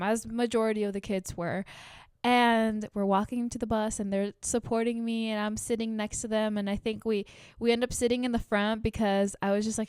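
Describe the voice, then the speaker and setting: A young woman in her twenties telling a story in a chatty storytime style, full of fillers and animated asides. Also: on the high side, clean tone, no echo, clean studio sound. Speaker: podcast host. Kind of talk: casual storytime.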